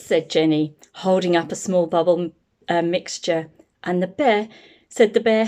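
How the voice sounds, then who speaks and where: A woman with a New Zealand accent reading a children's picture book aloud in an expressive read-aloud manner. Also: on the low side, measured pace. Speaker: storyteller.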